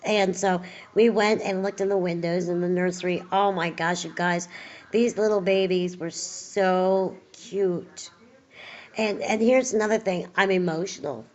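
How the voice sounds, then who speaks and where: A woman's voice: fairly low pitch, fairly even intonation, moderate pace, highs cut off. A woman chatting casually in a home video update, rambling with many fillers, tired and recovering from surgery. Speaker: vlogger.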